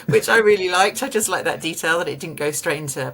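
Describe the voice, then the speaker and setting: A woman's voice: fairly low pitch, lively intonation, fast, creaky, a bit bright, breathy edge. A woman hosting an interview, chatting enthusiastically with laughs. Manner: enthusiastic, laughs, acts out quotes. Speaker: podcast host. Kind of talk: casual interview chat.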